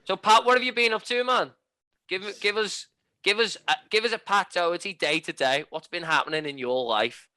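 Male co-host, Liverpool accent, higher bright tone, playful ribbing. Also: brisk, no echo. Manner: playful, teasing banter. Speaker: podcast co-host. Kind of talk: casual chat.

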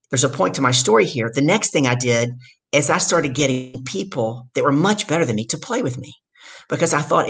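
A woman from the Deep South, a guest on a podcast, telling her story in a loud, energetic way. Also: a little fast, husky. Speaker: guest, leadership coach.

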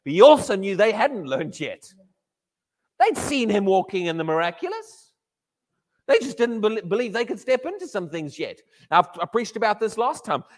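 A man preaching a sermon in an animated way, often repeating his words and acting out quotes. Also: high voice, normal speed. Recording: echoey hall reverb.

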